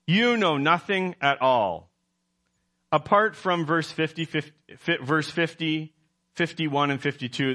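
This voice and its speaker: A man's voice: on the high side, sharp tone. A man preaching a sermon as pastor, emphatic, quizzing his congregation and correcting himself as he goes.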